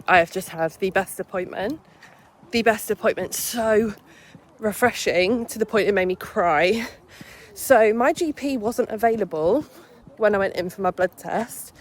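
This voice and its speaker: A young adult woman from England talking straight to camera in a casual vlog, chatty and animated, swearing freely as she retells her day. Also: medium pitch. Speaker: vlogger.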